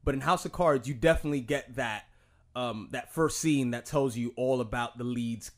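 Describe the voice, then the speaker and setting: A man's voice: medium pitch, moderate pace. Rambling, profane podcast guy. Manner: rambling, profane, lots of fillers and restarts. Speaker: podcast co-host. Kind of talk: casual podcast banter.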